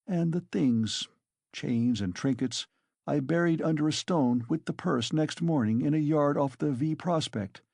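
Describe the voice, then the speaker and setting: A man's voice: fairly high pitch, unhurried, creaky, darkish tone, no room sound, clean studio sound, pitched above the performer's own voice. A man reading a tormented young man. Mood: brooding. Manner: anguished pleading. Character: young male student, tormented, desperate, bitter. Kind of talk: audiobook character reading.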